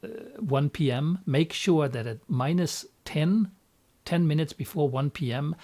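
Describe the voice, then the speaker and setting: A man's voice: on the high side, a little mellow. A man coaching other coaches in an instructional live stream, talking earnestly and often repeating words as he restarts. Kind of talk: instructional talk.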